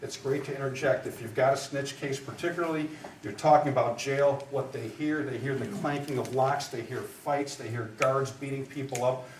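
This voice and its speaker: Lecturing lawyers live on trial technique, this instructor speaks in an emphatic, conversational manner, checking understanding with "right?" and "okay?". His medium-pitched voice has fairly even intonation and normal speed. The audio is distant and echoey with faint noise.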